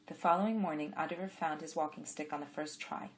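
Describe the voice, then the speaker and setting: A woman reads a story aloud in a calm, measured way. Her voice sits on the low side for a woman, steady and unhurried. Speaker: audiobook narrator. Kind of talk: scripted narration.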